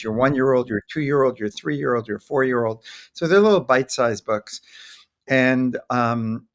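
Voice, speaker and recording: An older man, a pediatrician guest on a podcast, speaking thoughtfully and sometimes acting out how to soothe a child. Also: medium pitch. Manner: thoughtful, acts out soothing toddler talk. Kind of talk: podcast interview.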